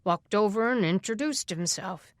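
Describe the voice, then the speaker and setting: Lady doing a freaked-out guy stuck in a hospital bed, yelling, dry sound. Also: mid-range voice, lively intonation, normal speed, no echo, close to an everyday voice. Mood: weary. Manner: panicked shouting. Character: hospitalized man, panicked, bedridden stab-wound patient.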